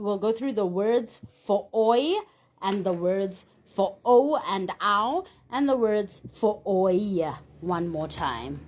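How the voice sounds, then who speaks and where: Very slow, sing-song phonics teacher woman. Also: medium pitch. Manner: sounds out letters then says the whole word. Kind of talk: slow, deliberate phonics lesson.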